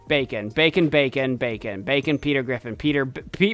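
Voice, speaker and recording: A man streaming a game, chatting playfully and excitedly as he thinks aloud. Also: medium pitch, moderate pace, few pauses, no echo, soft background music. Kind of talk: casual gameplay commentary.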